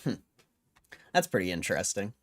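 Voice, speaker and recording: A man's voice: deep voice, sing-song, normal speed, fairly bright tone. A young man hosting a livestream, chatting casually and reading viewer comments with a laid-back, rambling manner full of slang. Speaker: livestream host.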